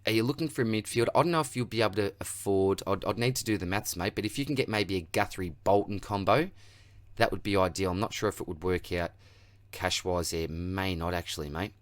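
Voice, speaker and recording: An Australian man hosting a casual Q&A that answers viewer comments, with a relaxed, matey manner, calling everyone mate and buddy. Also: low-pitched, a little fast, no echo. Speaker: fantasy football channel host.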